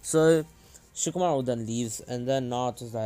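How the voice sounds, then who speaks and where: A man's voice: mid-range voice, fairly even intonation, moderate pace, mellow, soft background music. Rambling young man retelling an anime tale. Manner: rambling, with many fillers and throat clearing. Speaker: channel host. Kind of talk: casual storytelling.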